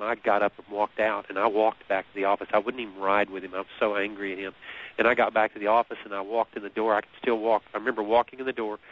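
Man telling a story, muffled radio sound. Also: on the low side. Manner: animated storyteller who often repeats words and laughs at his own story. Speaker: guest. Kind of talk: conversational storytelling.

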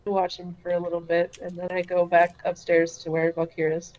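A woman playing her character in a tabletop game, chatty and playful with quick questions. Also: fairly low pitch, monotone, a little mellow, dull audio. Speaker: player.

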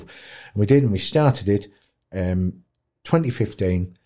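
A man's voice: fairly low pitch, expressive, slow pace, mellow. A man, a podcast guest telling blunt, chatty stories in a colloquial way. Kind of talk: animated storytelling in an interview.

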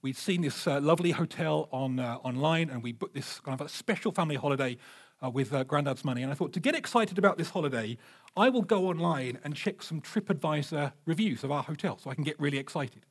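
High-voiced preacher, animated. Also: male voice, quick pace, breathy edge. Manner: animated, humorous storytelling. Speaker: pastor. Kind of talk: sermon.

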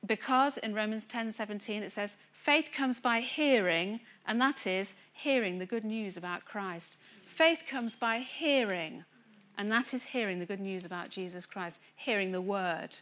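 A woman preaching a sermon to a church congregation, earnest and building to excited emphasis. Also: mid-range voice, unhurried, hardly any pauses. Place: church gathering room.

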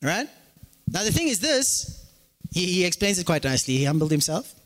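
A male pastor whose voice sits high preaches at a moderate pace, animated and joking as he acts out small dialogues. The recording is made in an echoey hall.

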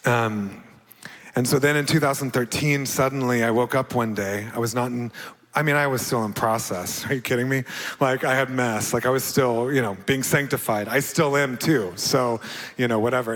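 A man giving a personal testimony sermon, telling his story with his voice climbing high as he acts out his own past words. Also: a bit bright. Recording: long hall reverb.

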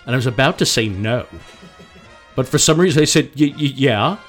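Middle-aged male storyteller, mid-range voice, halting delivery with frequent restarts. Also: mid-range voice, lively intonation, fairly bright tone, soft background music. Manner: halting, repeats and restarts words. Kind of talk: personal storytelling.

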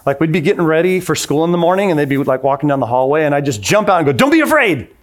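Conversational preaching man, slightly high voice. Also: racing. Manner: conversational, acts out quoted voices. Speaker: pastor. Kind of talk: sermon.

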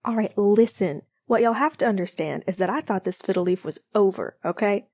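A woman voicing an excitable young man, showing off a plant on a livestream with big playful gestures. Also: mid-range voice, fairly quick, slightly rough, no room sound, clean studio sound. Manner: animated, playful, over-the-top enthusiasm. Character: young man, hockey player, proud plant lover.

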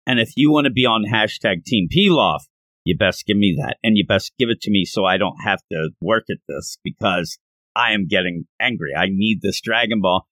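A man's voice: on the low side, normal speed, a bit bright, dry recording, voice pushed down. A man voicing a pompous, short-tempered villain emperor from a comic, making bossy, threatening demands. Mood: demanding.

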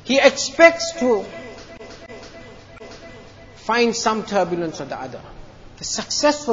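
A man delivers a Friday sermon in a mosque with an earnest, repetitive manner. His voice sits high. The recording is dull and lo-fi. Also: sing-song, takes it slowly, pauses often, fairly bright tone. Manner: earnest, repeats phrases, tells a joke story. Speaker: mufti giving Friday lecture.

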